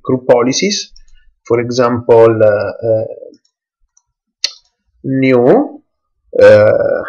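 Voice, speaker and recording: Slow, halting man explaining software. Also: medium pitch, animated, dull audio. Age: young adult. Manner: halting, many fillers and restarts, non-native English. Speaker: tech tutorial presenter. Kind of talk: screencast tutorial.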